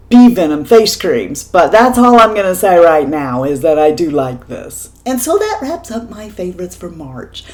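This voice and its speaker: A woman beauty vlogger wrapping up her video with warm, teasing asides to her viewers. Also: on the low side. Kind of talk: casual channel sign-off.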